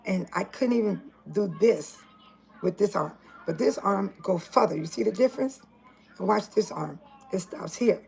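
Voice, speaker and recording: A woman's voice: medium pitch, vocal fry, rough recording. An older woman from Illinois talking earnestly at home in a casual vlog, preaching with emphatic repetition. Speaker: vlogger.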